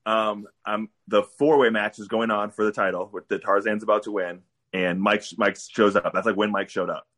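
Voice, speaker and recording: Husky low-voiced man telling a story. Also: moderate pace, hardly any pauses. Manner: animated storyteller, laughs while telling. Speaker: guest wrestler. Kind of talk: casual podcast storytelling.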